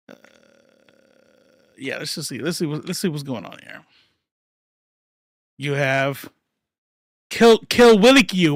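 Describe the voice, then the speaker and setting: A livestream commentator giving casual political commentary, profane and rambling, swinging between loud outbursts and mumbled asides. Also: mid-range voice, no echo, studio quality.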